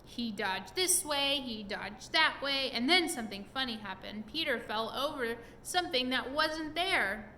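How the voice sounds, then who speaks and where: A woman reads a children's storybook aloud to a child at home, expressive and pausing to explain things. Her voice is bright and on the high side. Faint noise sits behind her.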